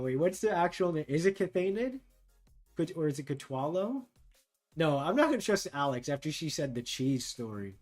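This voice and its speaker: Male art streamer, fairly high voice, casual think-aloud chat with faint music behind. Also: big pitch swings. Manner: musing, reads text aloud haltingly and thinks out loud. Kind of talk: casual livestream chat while drawing.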